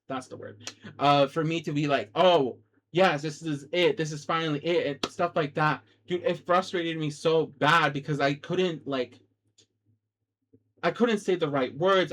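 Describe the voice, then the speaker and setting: A man with a somewhat high voice talks casually to camera, rambling and chatty, dropping "dude" and "like" often. He is recorded on a cheap microphone, with a faint hum of room ambience underneath. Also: fairly bright tone. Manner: chatty and self-deprecating, with many fillers like "dude" and "like". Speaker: vlogger starting a gaming channel.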